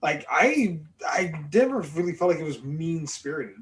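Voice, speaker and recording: A man's voice: a little high, sing-song, moderate pace. A man co-hosting a podcast, chatting casually and enthusiastically about a film, swearing freely. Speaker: podcast co-host. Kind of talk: casual film review chat.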